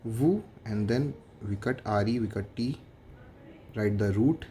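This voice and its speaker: A man's voice: on the low side, unhurried, mellow, a little hiss or hum. A man with an Indian English accent, a French teacher explaining grammar methodically and translating each example line by line.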